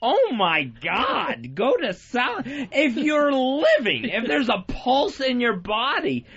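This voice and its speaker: A man's voice: very high-pitched, huge pitch swings, slow pace, a bit bright, husky, highs cut off. A drunk man co-hosting a radio show, over-enunciating as he raves and repeats exclamations.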